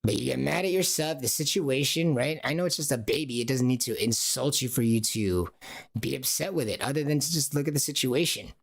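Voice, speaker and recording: A man's voice: medium pitch, brisk, gravelly, breathy edge. A man talking alone on a livestream, rambling and asking rhetorical questions. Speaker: streamer. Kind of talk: casual livestream monologue.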